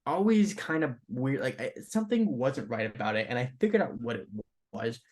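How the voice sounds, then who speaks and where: A young man with an ordinary mid-range voice, co-hosting a podcast. He talks in a relaxed, unhurried way, pausing and hedging with fillers as he thinks. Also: medium pitch. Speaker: podcast co-host. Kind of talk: casual chat.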